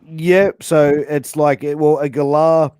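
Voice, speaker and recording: A man's voice: a little high, fairly even intonation, slow, a little mellow, slight background noise. A man with an Australian accent hosting a casual interview, playfully throwing out slangy phrases for his guest to guess. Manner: playful, drops into slangy catchphrases. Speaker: interview host.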